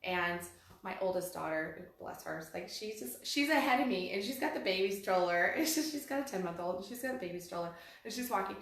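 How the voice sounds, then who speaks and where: A woman in her forties chats in an animated, storytelling way and circles back on her own phrases. She sits in a room with strong echo. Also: medium pitch, a little fast. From Texas. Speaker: podcast co-host. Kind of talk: casual chat. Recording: very echoey room.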